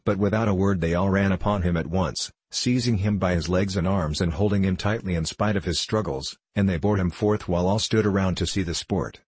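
A man reading a storybook aloud in a measured, even manner. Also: deep voice, slightly rough, no room sound. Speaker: audiobook narrator.

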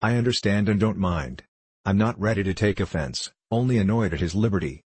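A proud, abrupt recluse speaks in hot, rapid bursts, as a man reading the book puts him on. The voice is deep and husky, with a close, dry sound. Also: a little mellow, dry recording. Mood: heated.

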